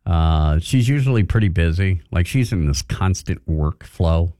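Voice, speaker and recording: A man's voice: deep voice, animated, measured pace, warm tone, dry recording, studio quality. A man hosting a chatty morning radio show. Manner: chatty, self-deprecating, laughs easily. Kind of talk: casual radio chat. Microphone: studio mic.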